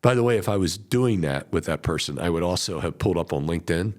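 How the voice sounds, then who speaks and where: Animated middle-aged man, coaching tone. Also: sits low, quick pace. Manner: animated storyteller, acts out client quotes. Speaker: veteran wholesaler guest. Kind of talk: conversational coaching talk.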